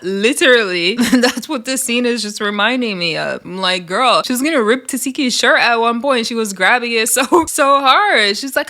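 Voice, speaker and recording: A woman's voice: a little high, sing-song, moderate pace, few pauses, sharp tone. A woman giving a casual, blunt commentary recap of a reality show. She laughs often and acts out lines from the scenes. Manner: blunt, candid opinions.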